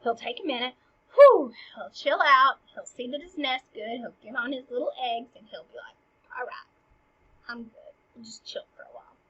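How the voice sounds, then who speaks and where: A woman's voice: high voice, expressive, normal speed, fairly bright tone, husky, exaggerated voice. A woman voicing a worried queen mother who is weary of the fuss, putting formal lines into slang, on a dull lo-fi recording.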